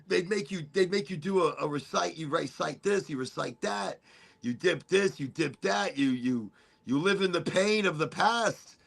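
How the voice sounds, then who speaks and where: A man's voice: high-pitched, gravelly, fairly bright tone. A middle-aged man hosting a casual podcast, telling rambling stories full of restarts and repeated words. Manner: rambling, storytelling with many restarts. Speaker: podcast host. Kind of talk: casual chat.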